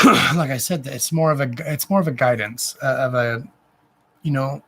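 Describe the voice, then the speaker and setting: A man giving an oracle card reading on a live stream, speaking gently and emotionally to the viewer with endearments and lots of repetition. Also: mid-range voice, moderate pace, rough recording. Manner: repetitive, emotional, self-interrupting.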